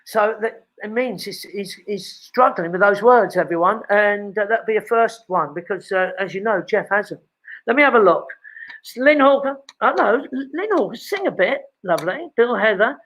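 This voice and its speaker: A man's voice: sits high, animated, normal speed, fairly bright tone, poor audio. An older man, hosting a live show from his home and chatting at length, rambling with many fillers and restarts. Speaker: host. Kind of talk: casual live chat from home.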